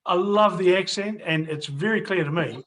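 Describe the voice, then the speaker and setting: A man's voice: high voice, moderate pace, a bit bright. A middle-aged man hosting a casual interview, rambling, restarting and repeating his phrases. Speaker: host. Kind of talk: casual video interview and wrap-up to viewers.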